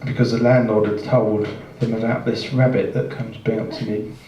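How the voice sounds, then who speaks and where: A man telling a long, rambling joke on a jazz club stage, halting and self-mocking as he goes. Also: fairly low pitch, flat delivery, dark tone, slight background noise. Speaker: musician telling a joke between sets. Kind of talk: rambling live shaggy-dog joke. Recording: distant, roomy, dull live club recording.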